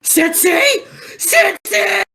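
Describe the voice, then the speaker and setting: A man voicing an earnest young male fighter who cries out high and loud. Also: expressive, drawn-out words, vocal fry, exaggerated voice. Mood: anguished.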